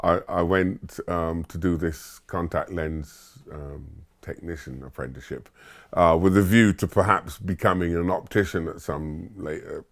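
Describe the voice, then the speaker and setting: A man from Barbados, a musician, recalling his youth in a relaxed, rambling way with lots of fillers and chuckles. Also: low-pitched, a little slow. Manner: laid-back storytelling with filler words and chuckles. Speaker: musician interviewee. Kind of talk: relaxed reminiscing monologue.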